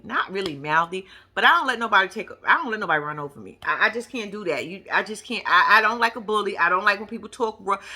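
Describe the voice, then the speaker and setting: A woman giving casual, profane reaction commentary on a reality show, brash and animated. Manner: animated, brash, profane, mimics people in high voices.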